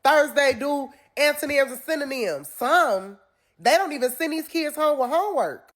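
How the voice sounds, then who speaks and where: A woman's voice: high-pitched, expressive, normal speed. A woman speaking as a concerned parent, emphatically complaining about schools. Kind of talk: opinion vlog.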